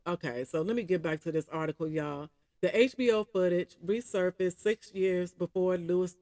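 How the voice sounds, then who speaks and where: There's no room sound as a woman with a fairly low, slightly mellow voice reads a news article aloud for her video. Her casual reaction commentary is full of asides to the audience, whom she keeps calling y'all.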